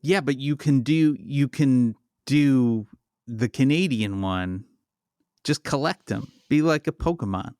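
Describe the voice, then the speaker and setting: A man's voice: mid-range voice, slow pace, darkish tone, clean tone, dry recording, studio quality. A man co-hosting a podcast, teasing and playful in casual chat. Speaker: podcast co-host.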